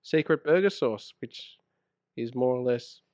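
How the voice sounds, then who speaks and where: A man's voice: medium pitch, expressive, darkish tone, dry recording. Easygoing man, the guest cook. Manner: easygoing, quick to laugh. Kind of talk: casual chat. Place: makeshift home podcast studio.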